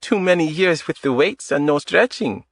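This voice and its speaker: A man voicing a lively, teasing woman in her early thirties with a light Eastern European accent and slightly broken English, in an audiobook. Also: fairly high pitch, normal speed, no room sound, clean studio sound, voice pushed up. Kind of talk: audiobook character voice.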